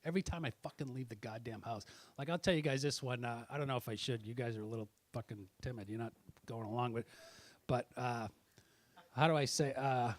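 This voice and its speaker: A man doing stand-up comedy with crowd work, swearing constantly and swinging from muttered asides to loud angry outbursts. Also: mid-range voice, fairly quick, no room sound.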